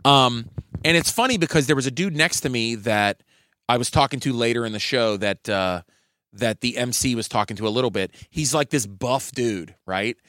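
A man's voice: medium pitch, normal speed, dry recording, studio quality. A man, a comedian and podcast co-host, telling a story in casual chat, acting out the people in it and swearing freely. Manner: acts out quotes of hecklers and himself, swinging up loud for them.

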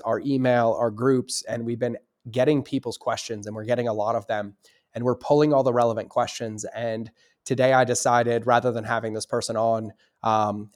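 A man's voice: mid-range voice, darkish tone. A man hosting a solo podcast from his home studio, talking casually in an upbeat, motivational way. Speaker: podcast host.

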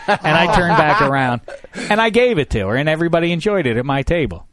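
A man in his thirties hosting a radio talk show, telling a story in a lively, sarcastic way. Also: fairly high pitch, moderate pace, no echo. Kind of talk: casual storytelling chat.

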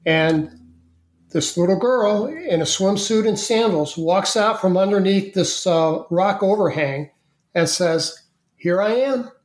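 A man appearing as a podcast guest, recounting a story in an unhurried, vivid way with frequent restarts. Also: high-pitched. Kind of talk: conversational storytelling. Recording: roomy, echoey sound.

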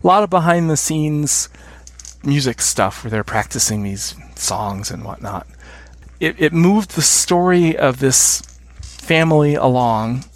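This podcast guest, a middle-aged man with an American accent, has a slightly high, animated voice and speaks a little slowly. In the casual interview he comes across as enthusiastic, chuckling frequently and humming tunes as he explains.

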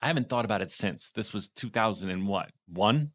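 A man co-hosting a podcast, telling a story in casual chat, animated and swearing freely with lots of fillers. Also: on the low side, a little fast. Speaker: podcast co-host.

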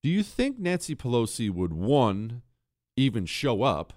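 A male talk radio host delivers a sarcastic, ranting monologue. His pitch swings widely, and his voice sits close and dry on the mic. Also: very animated, measured pace, darkish tone, dry recording.

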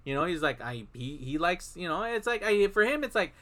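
A man's voice: high voice, very animated, brisk, pushed and bright. A man in casual chat, animatedly retelling a film plot and acting out the characters' lines.

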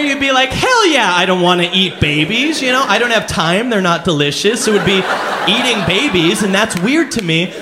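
A man doing a stand-up routine with deadpan, ironic asides. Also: sits high. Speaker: stand-up comedian. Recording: live club with laughing crowd and noise.

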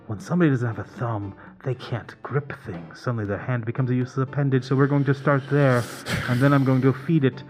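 A man voicing a sinister, unhurried surgeon who politely threatens his captives. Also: mid-range voice, steady tone, a little mellow, faint music behind, pitched above the performer's own voice, natural voice. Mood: calm menace.

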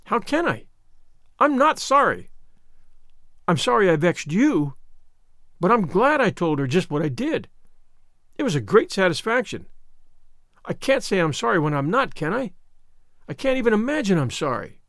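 A man's voice: sits high, big pitch swings, moderate pace, long pauses, fairly bright tone, no echo, studio quality, exaggerated voice. A man reading an audiobook, voicing a passionate, imaginative young orphan girl who pleads and argues dramatically. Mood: defiant.

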